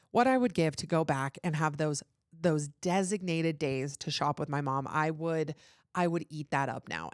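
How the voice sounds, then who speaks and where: A woman hosting a podcast talks in a loose, candid ramble, her voice sitting a little low. The sound is close and dry, with no room around it. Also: no echo. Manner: candid, rambling, heavy use of "like". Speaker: podcast host. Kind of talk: casual chat.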